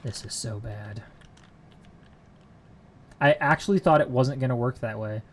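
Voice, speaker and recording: A man's voice: mid-range voice, measured pace, slight background noise. A man on a casual live stream, muttering code aloud to himself while he works and chatting with viewers from a home computer room.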